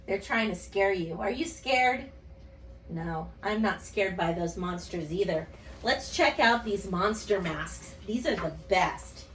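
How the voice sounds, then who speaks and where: A woman speech teacher reading and talking gently to young children in an online lesson. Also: mid-range voice, expressive, slight background noise. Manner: gentle, slow, sing-song storytelling to kids. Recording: echoey room, voice a bit far from mic.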